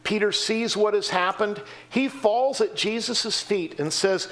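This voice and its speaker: A man's voice: a little slow, few pauses. A man preaching a sermon in a church, acting out the voices of the people he quotes and answers from the pews. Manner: animated, acts out quoted voices with sudden pitch jumps. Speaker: pastor.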